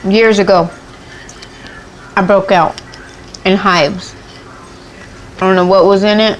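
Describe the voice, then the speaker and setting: A woman's voice: medium pitch, fairly even intonation, slow pace, slight background noise, poor audio. Chatty woman rambling while eating. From United States. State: runny nose. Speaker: mukbang vlogger. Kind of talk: casual eating-show chat.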